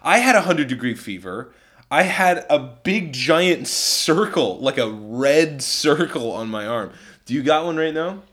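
A man's voice: fairly high pitch, animated, measured pace, fairly bright tone. A man co-hosting a podcast, teasing and swearing in casual banter. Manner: swears a lot, jokey and teasing. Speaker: podcast co-host. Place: in New York.

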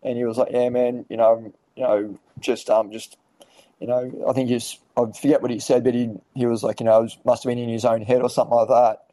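A man's voice: mid-range voice, little pitch movement, fairly quick, warm tone, dry recording, rough recording. A man telling rambling stories in a casual podcast chat, swearing freely and restarting his sentences often. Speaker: podcast guest.

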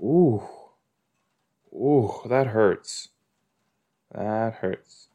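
A man's voice: lowish voice, extremely slow, warm tone. A man hosting a podcast, reacting aloud with gushing exclamations and laughs while watching a TV episode. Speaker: podcast host.

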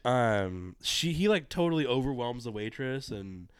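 A young man tells a long story to his podcast co-host, rambling and swearing as he acts out what people said. His voice is smooth and clear, caught on a dry, close mic. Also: medium pitch, sing-song, a little slow, no echo. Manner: rambling, profane, acts out quotes. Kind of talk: casual storytelling chat.

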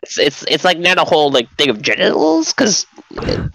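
Joking player with a lively voice. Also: medium pitch, normal speed, vocal fry, dry recording. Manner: joking, rambling. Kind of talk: tabletop game chat.

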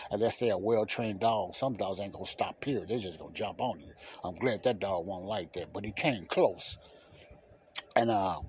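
A podcast host whose voice is lowish and slightly rough relates a personal story. His style is loose, animated, and colloquial, and he tends to repeat himself.

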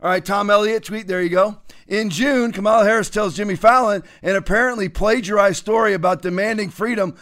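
A male host rants through political commentary in a mocking, sarcastic way. He often breaks into laughter. His voice sits high for a man. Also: brisk, few pauses, a bit bright.

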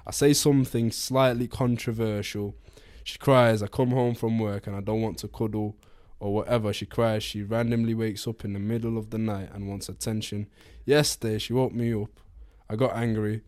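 A man's voice: lowish voice, steady tone, moderate pace, darkish tone, dry recording, studio quality. Young man reading a post aloud. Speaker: podcast co-host.

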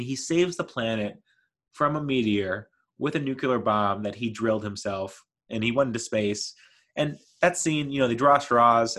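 A man's voice: on the low side, fairly bright tone. A man casually talking through favorite scenes, rambling with lots of fillers and restarts. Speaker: host. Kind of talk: casual movie talk.

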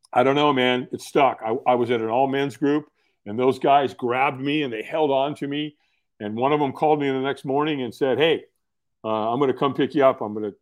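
A middle-aged man, telling his story casually as a podcast guest in an earnest, folksy way. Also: medium pitch. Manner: earnest, folksy, repeats words when starting sentences.

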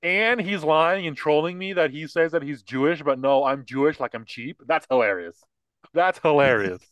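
A man co-hosting a podcast, chatting casually about politics in an animated, mocking, joking way. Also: fairly high pitch, normal speed, smooth, no echo, poor audio. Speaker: podcast co-host.

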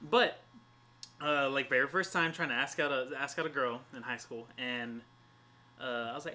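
Co-hosting a casual podcast, a man in his twenties tells stories with lots of energy, swearing freely and acting out the quotes. His voice is medium-pitched and moves at a moderate pace.

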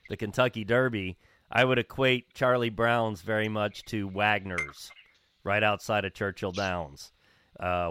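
Smooth low-voiced man hosting a podcast. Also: a bit bright, dry recording. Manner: measured, polished broadcaster phrasing. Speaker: podcast host. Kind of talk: casual chat. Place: radio studio.

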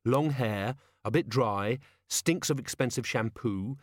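A man voicing a young werewolf woman officer, brisk and matter-of-fact. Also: medium pitch, no room sound, clean studio sound.

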